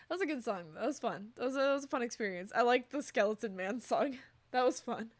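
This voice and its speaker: A woman's voice: a little high, animated, fast talker. A young woman streaming, chatting casually with her viewers and cooing over her cat. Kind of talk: casual chat with chat.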